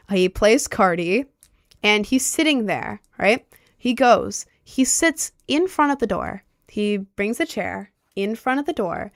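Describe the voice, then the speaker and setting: Gravelly young woman telling a story. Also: mid-range voice, no echo, clean studio sound. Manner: rambling, lots of "like" fillers. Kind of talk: casual storytime.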